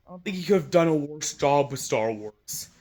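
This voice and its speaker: Man, angry rant, swearing, mocking, fairly high voice, phone mic. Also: expressive, normal speed, a little mellow, a little hiss or hum. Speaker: commentator. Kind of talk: ranting commentary.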